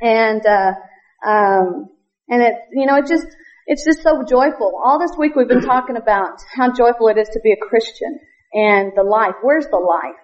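A woman's voice: on the high side, normal speed. A woman giving an earnest church testimony as a missionary, laughing often and quoting scripture in old-fashioned wording. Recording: dull lo-fi recording.

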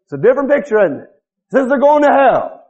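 A man's voice: extremely high pitch, very animated, fast, a little mellow, dull audio. A man preaching a sermon as pastor in a folksy, repetitive way, often calling out to the congregation for an answer.

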